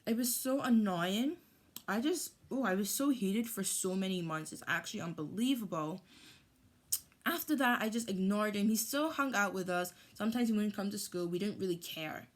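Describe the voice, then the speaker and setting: A woman vlogger telling a storytime, animated and heated, with lots of "like". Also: medium pitch, normal speed. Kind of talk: storytime vlog.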